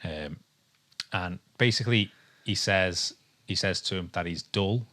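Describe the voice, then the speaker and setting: A low, sharp-toned male voice moves at an unhurried pace. He's an English co-host on a casual podcast, recorded at home with a dog nearby, wandering through his ideas with many ums and restarts.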